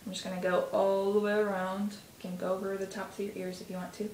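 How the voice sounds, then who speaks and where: A woman guiding a tapping session, coaching gently and sighing between slow repeat-after-me phrases. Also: medium pitch, level tone. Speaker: tapping guide. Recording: echoey room with faint noise.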